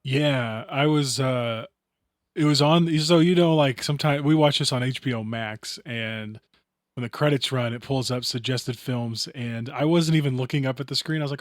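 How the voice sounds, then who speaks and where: A man's voice: mid-range voice, moderate pace, no echo, studio quality. Laid-back man co-hosting a horror podcast. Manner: laid-back, chatty, joking. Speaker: podcast co-host. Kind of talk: casual chat.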